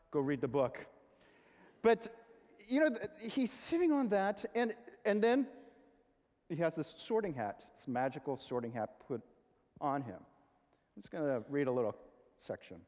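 A pastor preaches in an earnest, conversational way, pausing to reflect. His voice sits fairly high for a man. The long reverb of a large church hall trails behind every phrase. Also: darkish tone. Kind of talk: sermon.

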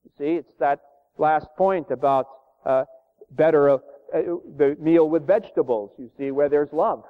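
Preacher guy, fairly high voice, earnest, pauses a lot, tinny hall recording. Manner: earnest, reverent, measured with frequent "uh" pauses. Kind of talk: sermon. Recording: tinny phone-like sound in a reverberant hall.

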